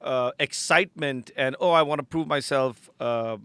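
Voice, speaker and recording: A man's voice: medium pitch, normal speed, smooth, no room sound. A man hosting a podcast, chatting casually and chummily with his guest. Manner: relaxed, chummy, says dude and man. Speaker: podcast host. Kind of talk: casual interview chat.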